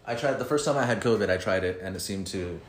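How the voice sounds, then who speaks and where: A man's voice: fairly low pitch, quick pace, a little hiss or hum. A man hosting a casual podcast chat, telling stories with lots of laughter and acting out the people he quotes. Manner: laughing storyteller, acts out quotes. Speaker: podcast host. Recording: roomy echo.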